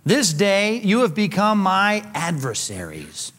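A man's voice: a little high, very animated, brisk, fairly bright tone. A man voicing a weary king who firmly rebukes his own men. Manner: firm, exasperated. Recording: long hall reverb.

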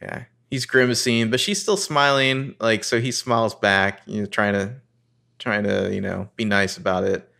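A man co-hosting a casual podcast, retelling a TV scene and acting out lines with lively rises. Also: lowish voice, moderate pace, creaky. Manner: narrates scenes and reads dialogue with animated rises. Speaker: podcast co-host recapping a TV episode. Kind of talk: casual chat.

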